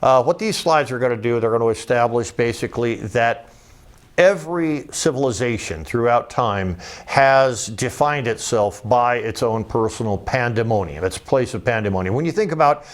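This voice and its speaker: A man talks through his slides in a loose, conversational lecture, drifting between points and restarting sentences often. He speaks at an ordinary middle pitch and drops in wry, joking asides. He sounds like a commentator thinking out loud rather than reading a script. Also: animated, normal speed. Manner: rambling, digressive, with frequent restarts. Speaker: political commentator. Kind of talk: informal lecture over slides.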